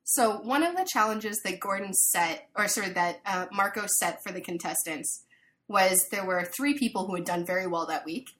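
A woman chatting casually, telling an animated story full of fillers. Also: mid-range voice, normal speed, a little hiss or hum. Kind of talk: casual chat.

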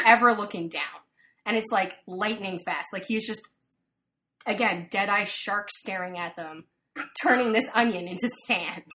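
A woman chatting casually, telling an animated story full of fillers. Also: medium pitch. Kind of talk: casual chat.

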